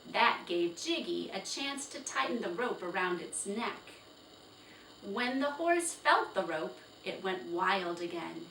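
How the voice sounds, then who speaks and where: Woman reading a kids' book aloud real slow, bright voice, echoey and kinda far off. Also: medium pitch, vocal fry. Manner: slow, expressive storytelling. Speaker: storybook reader. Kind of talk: children's read-aloud narration. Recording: roomy, distant, faint hiss.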